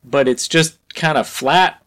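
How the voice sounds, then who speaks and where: Podcast guy rambling through his pitch, slightly high voice, lots of ums and likes. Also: a little slow, a bit bright. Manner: rambling, lots of fillers, pitching a story idea. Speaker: podcast co-host. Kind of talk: casual chat.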